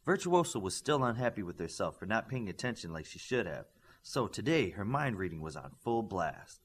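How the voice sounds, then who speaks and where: A man reading a novel aloud as an audiobook narrator, raising his voice for dialogue and dropping low for the speech tags. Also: sing-song, normal speed, husky. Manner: lifts pitch and volume for dialogue, drops low for tags.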